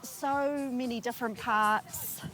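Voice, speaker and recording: Relaxed New woman, music behind. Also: a little high, slow. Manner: relaxed storytelling, laughs. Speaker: guest runner. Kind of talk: casual interview. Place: outdoors at a race finish.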